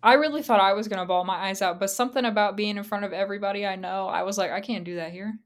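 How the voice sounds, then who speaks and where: A young woman co-hosting a podcast, chatting casually, telling animated stories and laughing often. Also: mid-range voice, racing. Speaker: podcast co-host. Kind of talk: casual chat.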